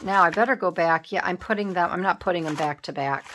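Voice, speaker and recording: Female craft vlogger, bright voice, chatty and self-deprecating, casual running commentary while she works. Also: fairly low pitch, fast talker, a little hiss or hum. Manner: chatty, self-teasing, scatterbrained. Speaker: craft channel host. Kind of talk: casual crafting vlog chat.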